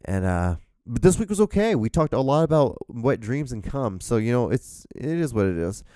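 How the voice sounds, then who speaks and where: A man's voice: mid-range voice, big pitch swings, moderate pace, dark tone, no room sound, clean studio sound. A young man hosting his own show, rambling casually with lots of fillers and restarts, sounding tired, his voice starting to go. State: tired, voice going out. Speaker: host.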